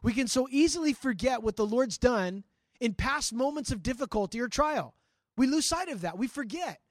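A male pastor teaching a sermon in a conversational, animated way, acting out scripture and talking straight to his listeners. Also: extremely high pitch, normal speed, no room sound, clean studio sound. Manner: frequent restarts and asides to listeners.

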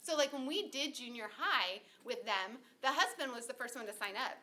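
A woman in her thirties chats in an animated, storytelling way, often slipping into the voices of people she quotes. Her voice sits high and sounds bright and clear, with a lively, friendly bounce. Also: normal speed. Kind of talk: casual conversational talk.

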